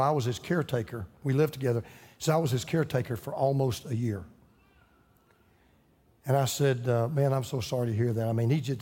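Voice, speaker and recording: A man's voice: mid-range voice, dark tone, breathy edge, in a large hall. A man, a pastor, telling a story in his sermon and building to fervent preaching.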